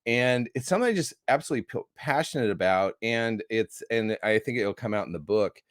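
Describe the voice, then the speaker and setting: A man's voice: mid-range voice, lively intonation, fairly quick, no echo, clean studio sound. An American man, a movie critic, talking as a guest in a casual interview, enthusiastic and rambling with restarts. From United States.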